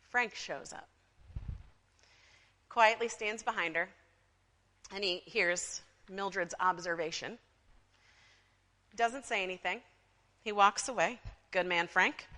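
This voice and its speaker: Bright-voiced woman pastor preaching. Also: medium pitch. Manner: conversational, with frequent asides to the congregation. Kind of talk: sermon with storytelling. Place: church sanctuary. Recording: long reverb of a church sanctuary.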